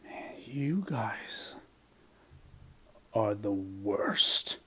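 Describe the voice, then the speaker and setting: A man's voice: on the low side, lively intonation, sharp tone, a little hiss or hum, pitched below the performer's own voice, exaggerated voice. A man whispering as a sardonic shadow broker in whispered role-play. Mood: exasperated. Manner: slow exasperated whisper. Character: sardonic male shadow broker, weary and irritated.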